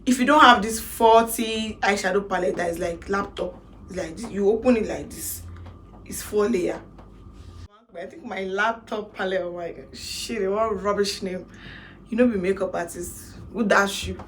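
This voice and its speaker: A woman in her twenties with a Nigerian accent, telling her own story in a casual vlog, animated and slipping into Pidgin phrases. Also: mid-range voice, normal speed, slight background noise. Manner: animated, mixes in Pidgin, laughs to hold back tears. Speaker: makeup artist vlogger.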